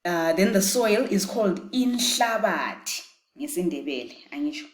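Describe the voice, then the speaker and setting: Woman, unhurried language teacher, slightly low voice, roomy echo. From Zimbabwe. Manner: patient, repeats words for learners to echo. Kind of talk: slow vocabulary lesson. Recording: echoey room.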